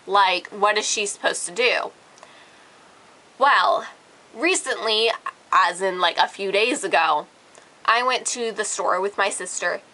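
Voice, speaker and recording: A young woman, nearly nineteen, vents to her camera in an exasperated, sarcastic rant. Her voice is bright and forward, and her speech is full of casual "like" fillers. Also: mid-range voice, poor audio. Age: late teens. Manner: irritated, sarcastic, heavy filler "like". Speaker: vlogger.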